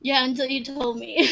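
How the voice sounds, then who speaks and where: A woman's voice: high-pitched, gravelly, fairly bright tone, dry recording, lo-fi sound. A woman guest on a podcast, chatting hesitantly with many fillers, talking while eating. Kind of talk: casual chat.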